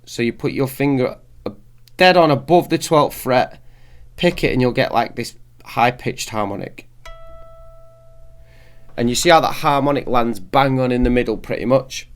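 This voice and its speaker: A man's voice: mid-range voice, moderate pace, clear, resonant tone. A man giving a casual, step-by-step guitar setup tutorial, often restarting his sentences. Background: guitar playing.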